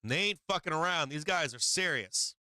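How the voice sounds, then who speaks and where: Man, market livestream host, profane, blunt, fairly high voice, crisp, dry close sound. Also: brisk, no echo. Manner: blunt, swearing, animated with mock quotes of traders. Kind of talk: casual profane market commentary.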